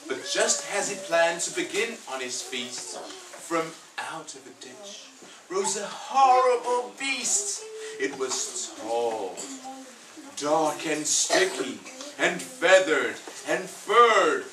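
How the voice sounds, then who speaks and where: A woman's voice: low-pitched, big pitch swings, takes it slowly. A woman reading a picture book aloud to children in a playful, inviting way. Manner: playful, inviting listeners to join in. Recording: echoey room, far from the mic, noisy.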